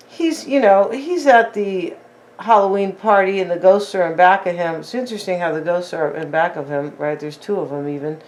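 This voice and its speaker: A woman's voice: medium pitch, poor audio. Chatty woman rambling through a reading. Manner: rambling, chatty, many fillers and asides. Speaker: tarot reader. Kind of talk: casual tarot reading.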